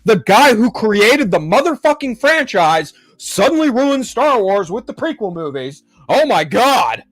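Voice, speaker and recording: A man's voice: high voice, big pitch swings, measured pace, fairly bright tone. A man hosting a pop-culture show, ranting in a profane, exasperated and mocking way. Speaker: podcast host.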